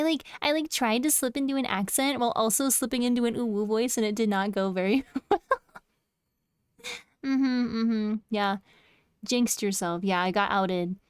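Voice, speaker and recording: A woman's voice: a little high, clean tone, no room sound, clean studio sound. A young woman streaming from home, chatting casually with her viewers in a playful, teasing way and laughing often. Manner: playful, giggly, teasing chat.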